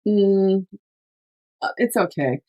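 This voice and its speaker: A middle-aged Canadian woman, a parenting coach and podcast host, gives advice in casual chat, emphatic and chatty, laughing often and acting out what parents say. Her mid-range voice is warm with lively intonation, and she takes it slowly on a muffled recording.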